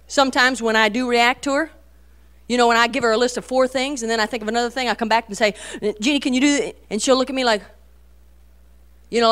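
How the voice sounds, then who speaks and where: A middle-aged woman giving a folksy, animated talk to a women's meeting, storytelling with many asides. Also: on the high side. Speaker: Christian women's speaker.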